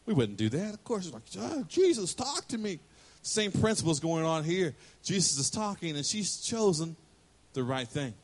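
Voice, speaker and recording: A male pastor preaches in a church with a folksy, easygoing delivery, slipping jokes into his teaching. His voice sits a little high for a man. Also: animated, normal speed. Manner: folksy, joking, conversational. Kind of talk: sermon.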